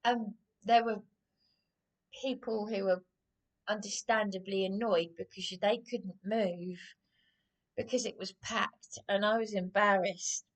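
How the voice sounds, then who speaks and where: A female YouTuber airs an accusatory rant on her own channel, going over the same points and stumbling as she goes. Her voice is medium-pitched and steady, and her pace is slow.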